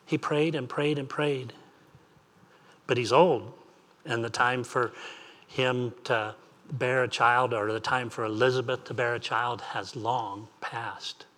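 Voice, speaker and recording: A man's voice: mid-range voice, steady tone, slow pace, fairly bright tone. A man preaching an earnest sermon as pastor, repeating phrases and asking rising questions.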